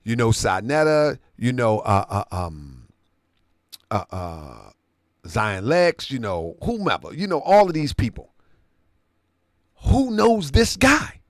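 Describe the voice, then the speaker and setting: Slow and pausing often, a Baltimore-area man with a mid-range voice and big pitch swings hosts an online talk show in a dry recording. He casually recounts a conversation, regularly checking the listener follows along.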